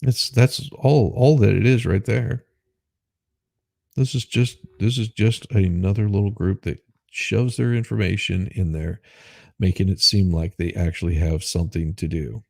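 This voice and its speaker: A man's voice: lowish voice, fairly even intonation, a little slow, gravelly, a little mellow, no echo, clean studio sound. A man hosting his own show, reading news articles aloud and breaking off into sarcastic, rambling asides and self-deprecating remarks. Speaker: host.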